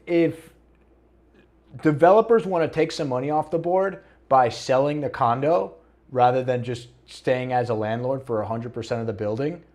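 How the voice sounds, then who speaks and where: A man's voice: medium pitch, darkish tone. A man co-hosting a podcast in casual, jokey talk, often restarting his sentences. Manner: jokey and loose, with many restarts. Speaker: podcast co-host.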